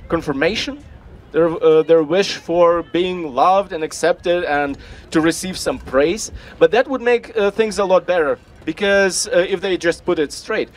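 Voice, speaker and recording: A man hosting a casual outdoor costume workshop. He talks loosely, swears now and then, and acts out the voices he quotes. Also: high voice. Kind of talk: workshop talk to a crowd.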